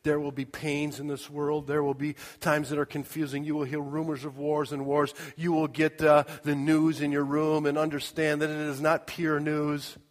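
A middle-aged man preaching a sermon, telling a personal story and acting out scenes with sudden shouts and asides. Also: fairly high pitch, monotone, moderate pace, few pauses. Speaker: pastor. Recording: long hall reverb.

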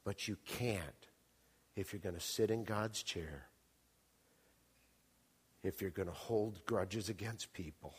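A man's voice: sits low, slow, long pauses, husky, long reverb tail. A man preaching a sermon to a congregation, impassioned and calling out to the room. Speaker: pastor. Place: church hall.

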